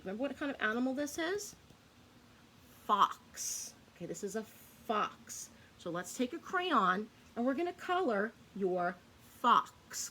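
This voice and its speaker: In a mid-range, somewhat bright voice, a woman teaches young children phonics, patiently sounding out words and responding to her own questions. The audio carries a little hiss or hum.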